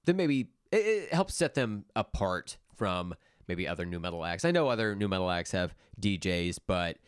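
A man co-hosting a music podcast in casual chat, laid-back and hesitant, filling pauses with "um" and "like". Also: sits low, sing-song, clean tone, no room sound, clean studio sound. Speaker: podcast co-host.

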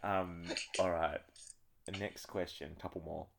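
Deep-voiced Australian man quizzing his co-host. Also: fairly even intonation, a little slow, creaky, a crowd in the background. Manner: dry teasing, chuckles often. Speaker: podcast co-host. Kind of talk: casual chat, running a quiz.

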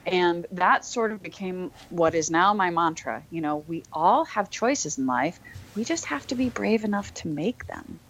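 A woman's voice: lowish voice, lively intonation, measured pace, a little hiss or hum. A woman who is a podcast guest, telling a personal story in an earnest, reflective way, with frequent fillers and restarts.

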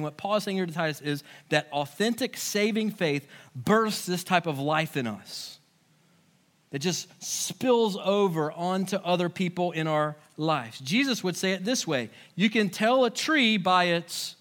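A pastor with a fairly high voice delivers a sermon to his church. He talks in a conversational way, dropping soft and low, then pushing up into emphatic bursts. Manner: conversational preaching, swings between soft and emphatic.

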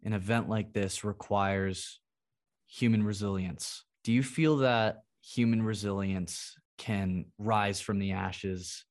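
Young male podcast host, low-ish voice, earnest interviewer. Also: steady tone, takes it slowly. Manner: earnest, thoughtful questioner. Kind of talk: interview questions.

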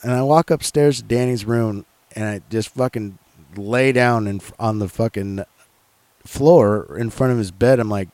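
Man, lower register, close dry mic, loose profane storyteller. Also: normal speed, dry recording. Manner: profane, rambling, animated storyteller. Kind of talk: casual storytelling chat.

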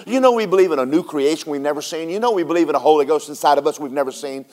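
A man preaching a sermon, firing rapid rhetorical questions at his congregation. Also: fairly high pitch, darkish tone.

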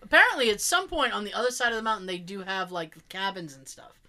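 A woman's voice: medium pitch, quick pace. A woman with a Boston accent, chatting casually as a podcast host, telling stories with lots of laughter and the odd swear. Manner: animated storyteller, laughs often, swears casually. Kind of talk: casual chat.

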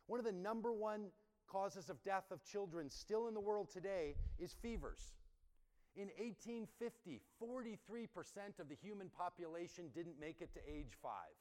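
A man's voice: high-pitched, a little mellow. A man preaching a sermon in a conversational, emphatic style, asking rhetorical questions. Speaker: pastor. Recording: reverberant hall sound.

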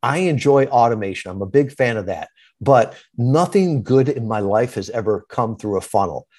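A man's voice: mid-range voice, expressive, moderate pace, darkish tone, husky. A man guesting on a podcast interview, answering in punchy, quotable lines and often checking in with "right?". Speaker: podcast guest, marketing founder.

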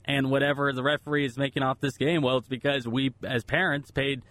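A man of middle pitch speaks as a radio co-host in an easygoing, rambling way, with halting starts. His voice sounds dry and close to the studio mic. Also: steady tone, a bit bright, no echo. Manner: casual, hesitant, rambling with fillers. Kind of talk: radio talk show chat. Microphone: studio microphone.

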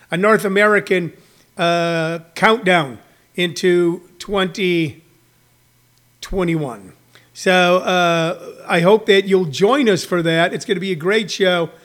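Brief: stand-up comedian hosting a casual livestream, high-pitched for a man, rambling riffs. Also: fairly bright tone. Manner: riffing, rambling, with frequent fillers and put-on voices.

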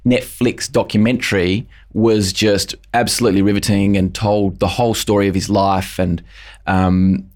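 A man interviewing a guest in a casual chat, rambling and hesitant with many ums and restarts. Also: fairly low pitch.

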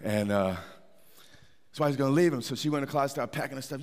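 Speaking fast but dropping into long pauses, a middle-aged pastor with a medium-pitched voice preaches conversationally in a church sanctuary. He repeats words and restarts, all wrapped in long hall reverb.

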